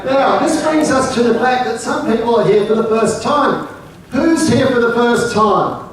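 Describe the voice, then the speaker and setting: A man's voice: very high-pitched, animated, normal speed. Jokey Australian man in an echoey hall. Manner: jokey, coaxing the audience to join in. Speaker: presenter. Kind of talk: humorous presentation to a club audience. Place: club meeting hall. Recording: very echoey hall, distant mic.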